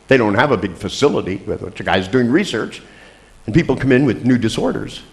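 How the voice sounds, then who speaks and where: An older man giving a seminar talk, telling animated anecdotes to his audience with blunt swearing. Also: medium pitch, fairly quick, creaky. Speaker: seminar speaker. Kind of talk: storytelling talk to a live audience.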